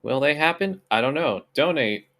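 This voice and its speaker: A woman's voice: sits low, expressive, normal speed, a bit bright. A young woman streaming a game, chatting in a dry, self-mocking way and laughing often. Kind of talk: casual chat while playing a game.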